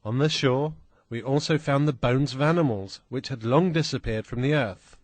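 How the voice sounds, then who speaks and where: A man reading a first-person adventure story aloud in a slow, deliberate, plain manner. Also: medium pitch, dry recording. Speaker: audiobook reader.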